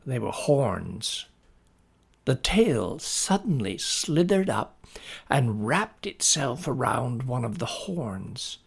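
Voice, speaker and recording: Slow, gravelly male storyteller. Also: mid-range voice, big pitch swings. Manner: slow, deliberate storybook reading. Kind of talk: reading a children's story aloud.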